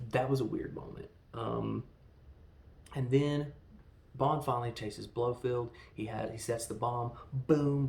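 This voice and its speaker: A man's voice: medium pitch, creaky, a little mellow, a little hiss or hum. A man giving a casual film review, retelling the plot in a rambling, enthusiastic way with lots of fillers. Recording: roomy echo.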